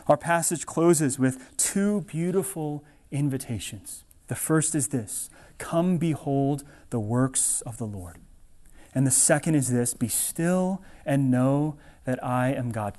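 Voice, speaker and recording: A man preaching a sermon, earnest and dramatic, swinging from raised urging to hushed, near-whispered lines. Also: mid-range voice.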